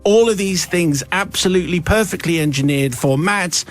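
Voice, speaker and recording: Over a studio microphone, a male radio host with a high-pitched voice reads a listener's confession aloud at a moderate pace. His storytelling is wry and theatrical, laced with dry asides.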